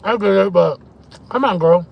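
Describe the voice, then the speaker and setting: Brief: very high-pitched man, profane excitable live streamer eating in his car. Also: moderate pace, creaky, breathy edge, highs cut off. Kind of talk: casual live-stream chat while eating.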